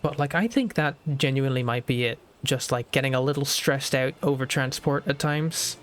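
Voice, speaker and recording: A man's voice: mid-range voice, moderate pace, fairly bright tone, clear, resonant tone. A young Irish man streaming a strategy game, chatting casually and thinking aloud with lots of fillers. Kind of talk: casual gaming stream chat.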